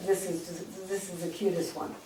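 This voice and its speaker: A woman in her eighties telling her life story to a live audience, lively and jokey, acting out quotes. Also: on the low side, normal speed. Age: 80s. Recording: echoey room, distant mic.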